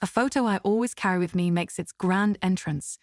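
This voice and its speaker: A woman narrating a first-person family drama story in an even, steady way. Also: medium pitch, brisk, no room sound, clean studio sound.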